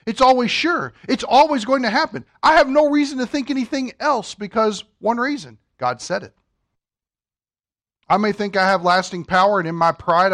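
A high-pitched man delivers a sermon from the pulpit. He teaches with emphatic swings from loud to hushed and keeps putting questions to the congregation. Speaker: pastor.

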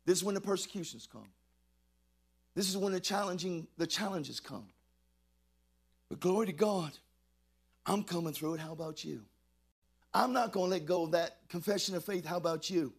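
A middle-aged man preaching a lively sermon, calling on the congregation to respond and shouting praises. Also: sits high, normal speed, gravelly, long pauses, husky. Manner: exuberant, call-and-response preaching. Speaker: pastor.

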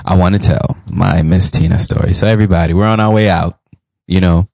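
A man on a podcast telling a funny story in casual chat, animated and profane, acting out quotes and laughing often. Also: deep voice, a little fast, gravelly, no echo, clean studio sound. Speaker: podcast co-host.

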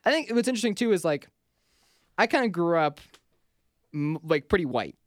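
A man's voice: high-pitched, sing-song, moderate pace, no room sound, clean studio sound. A man co-hosting a casual chat about films, blunt and opinionated, telling stories animatedly with lots of fillers. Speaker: podcast co-host.

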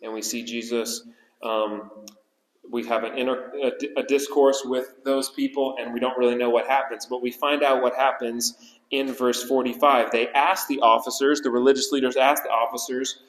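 A man's voice: mid-range voice, level tone. Male pastor, sermon, repeats phrases for emphasis, long church reverb. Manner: repeats key phrases for emphasis, slowing on them. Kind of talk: expository sermon. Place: church sanctuary. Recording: roomy church hall reverb.

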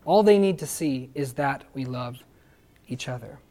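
A man preaching a sermon, earnest and emphatic, often pausing to ask his listeners rhetorical questions. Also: medium pitch, expressive, warm tone. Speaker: pastor.

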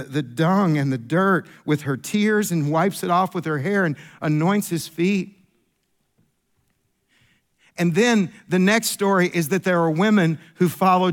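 A man preaching a sermon as pastor, emphatic and repetitive, restarting phrases, moving between a raised voice and a hushed one. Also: high voice. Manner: emphatic, repeats phrases and restarts, swings from raised voice to near whisper.

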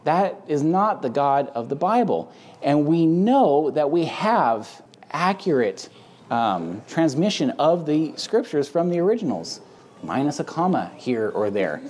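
A man's voice: fairly high pitch, sing-song, unhurried, darkish tone. A man hosting a casual Bible discussion who talks emphatically and conversationally, with frequent fillers. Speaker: host and Bible teacher. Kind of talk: casual teaching chat.

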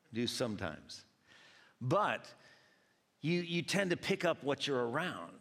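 A man's voice: mid-range voice, unhurried. Man from Georgia preaching in a reverberant hall. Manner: animated storytelling with voiced quotes. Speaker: pastor. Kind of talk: sermon.

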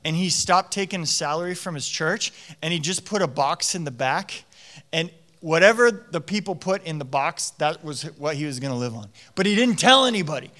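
A man in his thirties with a high, bright, forward voice delivers a sermon like a relaxed chat. He tells stories animatedly and leans on casual "like" and "um" fillers as he goes. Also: fairly quick. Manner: animated storytelling with frequent "like" fillers. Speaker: preacher. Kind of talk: conversational sermon.

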